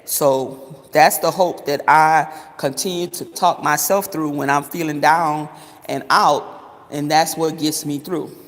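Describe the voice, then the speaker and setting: A man's voice: a little high, steady tone, takes it slowly, a bit bright. A man chatting casually to his viewers, calling them honey and swearing freely. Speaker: vlogger. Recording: long reverberant echo.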